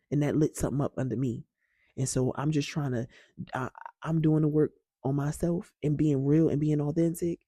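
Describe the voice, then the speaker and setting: A wellness vlogger talks to camera about healing and personal growth, candid, emphatic and swearing freely with her viewers. Her voice is low, brisk, warm and slightly rough, in a dry recording with clean studio sound.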